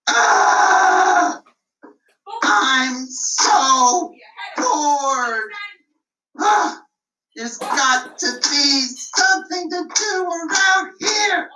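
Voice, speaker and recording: A woman's voice: medium pitch, sing-song, a little slow, reverberant, recorded from a distance, low-quality recording. A woman voicing a bored, mischievous shepherd boy who pranks the village, teasing and whiny, in a puppet show. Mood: frantic. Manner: whiny and teasing, loud shouting cries.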